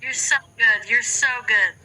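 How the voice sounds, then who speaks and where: A woman's voice: on the high side, a little slow, pushed and bright, low-quality recording. An American woman chatting casually, giving short, encouraging replies. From United States. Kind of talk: casual chat.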